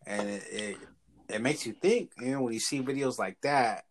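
A man's voice: mid-range voice, normal speed, slight background noise. Blunt, swearing man. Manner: blunt, profane, emphatic. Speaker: podcast co-host. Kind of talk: casual chat.

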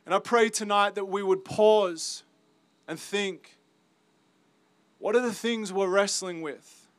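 A man with an Australian accent giving an earnest, halting personal testimony as a campus ministry speaker, his voice full of emotion. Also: high-pitched, clean tone, dry recording.

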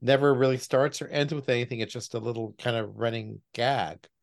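A man co-hosting a podcast, giving a thoughtful, measured critique in casual film talk. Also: mid-range voice, vocal fry. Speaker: podcast co-host.

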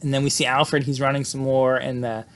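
Host type, male, mid-pitched, chatty and crude, lots of uhs and likes. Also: little pitch movement, a little fast. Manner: loose and profane, many fillers. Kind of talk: casual movie recap.

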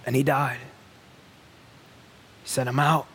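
Slow, pleading male preacher in a hall. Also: medium pitch, level tone, fairly bright tone, a little hiss or hum. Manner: earnest, pleading, with long dramatic pauses. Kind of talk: sermon. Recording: long reverb of a large hall.

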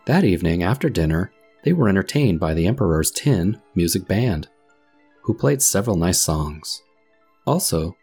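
Deep husky male storyteller. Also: darkish tone. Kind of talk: scripted narration for English learners.

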